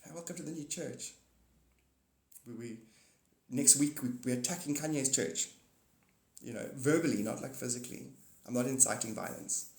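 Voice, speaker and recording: A man's voice: mid-range voice, lively intonation, normal speed, vocal fry, pauses often, a little mellow. A man chatting on a live stream, rambling and joking, swearing now and then and correcting himself. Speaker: live streamer and paid reader. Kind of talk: casual live-stream chat. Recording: roomy echo.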